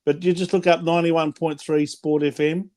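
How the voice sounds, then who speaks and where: A man's voice: on the high side, little pitch movement, moderate pace, dark tone. A man with an Australian accent co-hosting a casual sports fan show, chatty and jokey, patiently spelling out details for listeners. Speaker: podcast co-host. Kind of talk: casual fan chat, promos.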